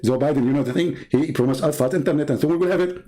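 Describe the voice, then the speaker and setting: A man's voice: fairly high pitch, very fast, hardly any pauses, warm tone. A man hosting a live stream, giving a sarcastic, mocking polemical monologue with chuckles.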